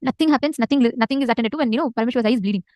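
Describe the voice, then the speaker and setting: Woman storyteller, rapid-fire and animated, somewhat high voice, dry close sound, devotional tale told casually. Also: dry recording. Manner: animated, emphatic, repeats phrases for effect. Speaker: storyteller in a spiritual session.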